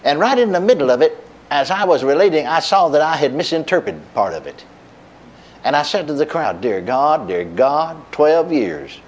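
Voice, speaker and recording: A middle-aged man preaching a sermon, telling a story in a folksy way with chuckles and repeated words. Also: fairly quick. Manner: lively pitch, dropping low at line ends.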